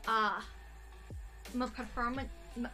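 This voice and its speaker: A woman's voice: fairly high pitch, steady tone, slow, pushed and bright, faint music behind. A young woman chatting on a stream in a put-on mix of Irish and Scottish accents, theatrical and self-aware. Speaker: co-host, streamer's daughter. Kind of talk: casual live-stream chat.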